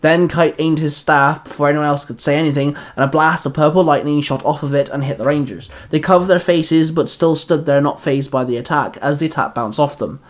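A man's voice: on the high side, fairly even intonation, brisk, hardly any pauses. A man reading a fan fiction story aloud and hosting the channel, enthusiastic when recommending other creators.

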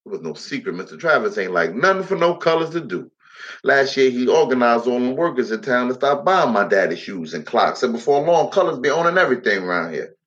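A man's voice: medium pitch, big pitch swings, brisk, fairly bright tone. A man telling a dramatic first-person story in heavy dialect, slipping into the voices of the people in it. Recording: dull lo-fi recording.

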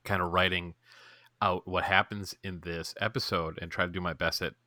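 A man's voice: sits low, little pitch movement, normal speed, pushed and bright, no echo. A man co-hosting a podcast, talking bluntly and dryly with some swearing. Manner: blunt, dry and profane. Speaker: podcast co-host. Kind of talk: casual chat.

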